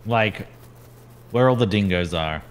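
Very deep-voiced Australian man. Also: unhurried, a little hiss or hum. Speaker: co-streamer. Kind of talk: casual gaming chat.

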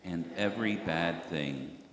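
A congregation led by deep male voices repeats a prayer line by line in slow unison. The crowd sounds roomy and echoing, with a long church reverb. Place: church sanctuary.

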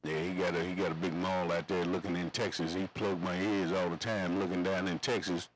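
A man's voice: low-pitched, level tone, a little fast, a little hiss or hum, rough recording. A man chatting over CB radio, rambling in slangy, repetitive radio lingo. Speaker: CB radio operator.

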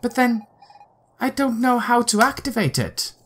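A woman's voice: fairly high pitch, big pitch swings, a little slow, breathy edge, exaggerated voice. A woman voicing an earnest, thoughtful young heroine over a video game.

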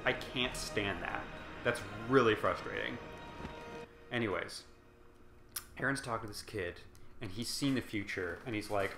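A man's voice: lowish voice, unhurried, pauses often, roomy sound, music in the background. A man giving casual game commentary, rambling and sarcastic, working himself up into impassioned opinions. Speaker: let's play commentator.

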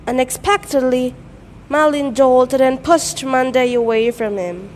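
Slow expressive girl telling a folktale. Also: high-pitched. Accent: American-style English. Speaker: student storyteller. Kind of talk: folktale storytelling performance. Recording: echoey hall, faint noise.

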